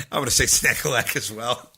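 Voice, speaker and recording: A man's voice: medium pitch, normal speed, pushed and bright, husky. A man co-hosting a comedy podcast, cracking crude jokes and laughing often in casual banter. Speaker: podcast co-host.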